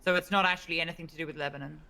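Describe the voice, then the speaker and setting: Teasing roleplayer man, high, bright and sharp-edged. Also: steady tone, racing, creaky. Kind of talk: in-character roleplay chat.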